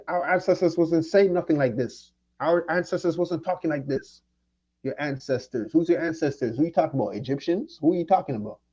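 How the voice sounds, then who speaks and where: Husky, angry livestreaming man. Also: fairly high pitch, dark tone, lo-fi sound. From Jamaica. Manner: angry, profane, confrontational. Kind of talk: heated livestream rant.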